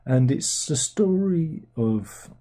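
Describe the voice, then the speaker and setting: A man's voice: medium pitch, expressive, takes it slowly, dark tone. A man giving a casual film review, blunt and sarcastic, rambling from one aside to the next.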